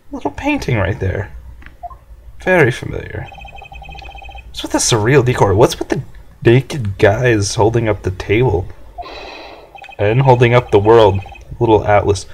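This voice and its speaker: A man's voice: mid-range voice, sing-song, unhurried, long pauses, a little mellow, a little hiss or hum. A man giving casual let's play commentary with jokey, goofy asides.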